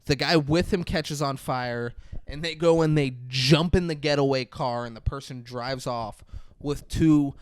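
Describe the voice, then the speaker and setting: A man's voice: mid-range voice, unhurried. A man co-hosting a podcast, retelling a movie's scenes in a casual, profane way and acting out the characters' lines. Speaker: podcast co-host. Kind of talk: casual movie review chat.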